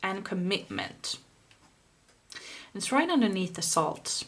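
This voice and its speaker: Woman tarot reader, mid-pitch voice, unhurried pace, blunt and impassioned, swears, addresses the viewer directly. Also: wildly swooping pitch, gravelly, a bit bright. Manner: speaks straight to the viewer. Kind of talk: pick-a-card tarot reading.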